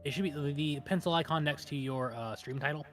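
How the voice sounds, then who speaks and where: A man's voice: on the high side, brisk, a bit bright, soft background music. A man in casual stream chat, rambling and repeating words as he thinks aloud.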